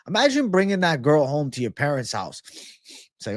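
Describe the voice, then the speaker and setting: A man's voice: a little high, sing-song, moderate pace, dry recording, studio quality. A man hosting a casual livestream Q&A, ranting with a lot of swearing and answering viewer comments. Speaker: livestream host.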